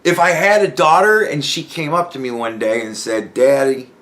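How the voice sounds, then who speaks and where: A man's voice: on the high side, sing-song, moderate pace, a bit bright. Profane rambling man. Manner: profane, rambling, stammering restarts; acts out imagined dialogue. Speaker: podcast host. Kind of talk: casual solo commentary.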